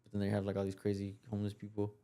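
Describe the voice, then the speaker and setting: Podcast guest, man, low voice, relaxed slangy chatter. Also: racing. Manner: laid-back, slangy, says bro a lot. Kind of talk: casual chat.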